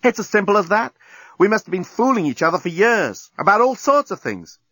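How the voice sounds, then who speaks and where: A man's voice: high voice, big pitch swings, fairly quick, a bit bright, slightly rough, no echo, pitched above the performer's own voice, exaggerated voice. Thoughtful, resolute woman in an audiobook, voiced by a male narrator, dry close sound. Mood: reflective. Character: Lucy, thoughtful American woman, restless.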